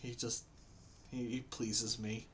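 A man's voice: medium pitch, level tone, takes it slowly. A man co-hosting a casual chat, talking in a thoughtful, earnest way. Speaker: podcast co-host.

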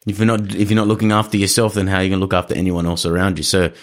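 A man who trains dogs, talking through his advice in a casual podcast chat, earnest and coaching, now and then acting out quick scenes with owners and dogs. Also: sits low, monotone. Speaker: dog trainer.

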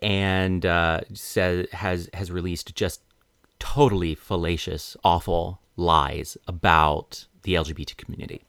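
A man with a lowish voice hosts a podcast. He reads news articles aloud and comments critically, and the recording is dry and close. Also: little pitch movement, unhurried, fairly bright tone, no echo. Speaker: podcast host.

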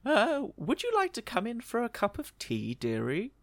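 A quavering, fussy old English lady with a dog, polite and doting, as a man puts her on. The voice swoops high and low in a dry, close recording. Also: huge pitch swings, normal speed, vocal fry, a bit bright, no room sound, heavily acted. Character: genteel elderly English woman with a dog.

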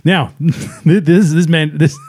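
A man's voice: a little high, slow, a little mellow, husky. A man co-hosting a movie review podcast, retelling scenes in a rambling way with frequent fillers and laughs. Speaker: podcast co-host. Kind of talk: casual movie review chat.

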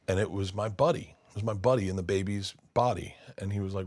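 A man's voice: low voice, fast talker. A man telling a long story in casual chat, rambling with many restarts. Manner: rambling, animated, many restarts, acts out voices. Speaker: guest storyteller.

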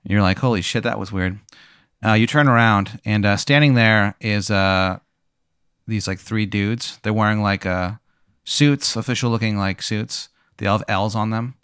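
A man's voice: on the low side, fairly even intonation, moderate pace, a bit bright, smooth, dry recording, studio quality. A man hosting, improvising a strange hypothetical story for a guest, rambling with lots of "like" and "uh" and casual swearing. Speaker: host running a hypothetical scenario.

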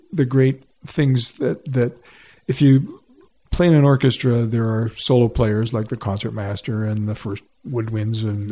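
An older man, a retired orchestra musician, telling stories in a relaxed interview with many restarts. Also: mid-range voice, vocal fry. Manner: reflective storytelling with frequent restarts. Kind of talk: conversational interview.

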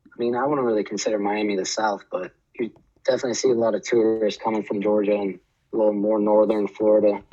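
A man's voice: on the low side, flat delivery, fast talker, dark tone, lo-fi sound. A man from Boston chatting casually as a podcast guest over a remote call, laid-back and laughing often. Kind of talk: casual chat.

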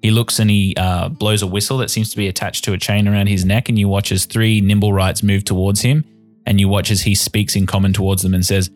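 Low-voiced man running a tabletop game. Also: fairly even intonation, brisk, soft background music. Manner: descriptive, with frequent ums and uhs. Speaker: game master.

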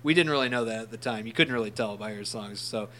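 A man's voice: lowish voice, quick pace, bright, forceful tone. A man co-hosting a casual podcast, telling a funny story with plenty of laughs and swearing. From St. Louis area. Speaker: podcast co-host. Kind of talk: casual chat.

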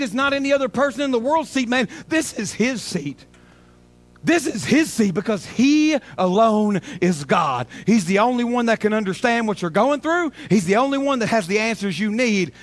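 A man preaching a sermon as pastor, swinging between shouted calls and hushed, whispered lines. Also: very high-pitched, animated, normal speed, no echo. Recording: music playing behind.

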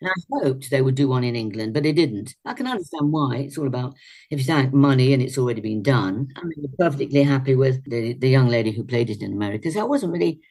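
Low, husky older actress. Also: female voice, expressive, fast talker, mellow. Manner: chatty storyteller, laughs often. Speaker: actress and singer, interview guest. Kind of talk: casual interview, anecdotes.

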